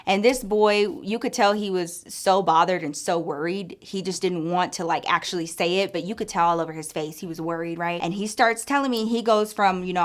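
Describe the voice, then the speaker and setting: A woman vlogger chats through a story from her own life, full of slang and swearing. She is lively and expressive and plays every quoted line for effect. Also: medium pitch, a little fast, hardly any pauses. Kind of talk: casual story-time chat.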